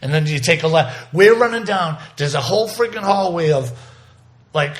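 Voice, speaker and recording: A man's voice: fairly high pitch, lively intonation, moderate pace. Profane man in his sixties, storytelling. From South Boston. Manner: profane, rambling, vivid retelling with many restarts. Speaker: interview guest. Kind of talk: casual storytelling interview.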